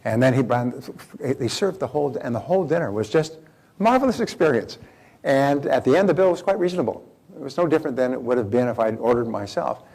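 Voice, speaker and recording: A man's voice: medium pitch, expressive, quick pace, vocal fry, darkish tone. An older man giving a motivational lecture to a seminar audience, telling rambling anecdotes in a conversational way and often repeating phrases. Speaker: motivational speaker.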